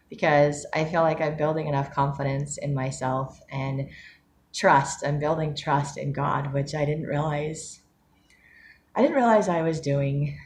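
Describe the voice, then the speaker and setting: Low-voiced woman in a candid, reflective vlog. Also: a little hiss or hum. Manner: candid, rambling, with frequent restarts and fillers. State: becoming tearful and emotional. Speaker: vlogger. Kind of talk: personal reflective talk to camera.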